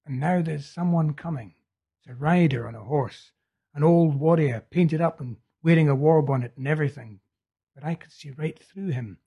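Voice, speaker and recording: A man reading the part of a feverish young man urgently telling a vision, in a husky voice. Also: a little high, dark tone. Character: feverish young male prophet, intense and urgent.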